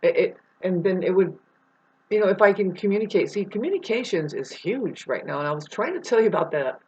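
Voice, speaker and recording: A woman's voice: medium pitch, animated, fairly quick, husky. A woman vlogging a rambling spiritual monologue, swearing freely and growing irate as she talks. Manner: profane, grows irate and loud. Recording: dull lo-fi recording.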